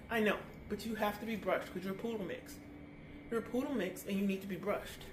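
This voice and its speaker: A woman's voice: mid-range voice, a little fast. A chatty woman dog groomer walks through a grooming tutorial, breaking off to coo baby talk at the dog. Her mid-range voice bounces around a roomy space, with a faint hum of background noise. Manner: chatty, coos baby talk at a wiggly dog between explanations.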